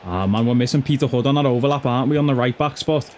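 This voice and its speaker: A man's voice: mid-range voice, quick pace, a little mellow, a little hiss or hum. A man giving casual, chatty commentary over his own football video game, swearing and calling viewers lad and bro. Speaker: gaming YouTuber.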